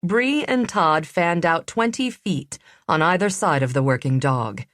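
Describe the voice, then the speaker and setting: A woman narrating a suspense audiobook in a measured, even reading. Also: on the low side, no echo, studio quality. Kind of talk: scripted narration.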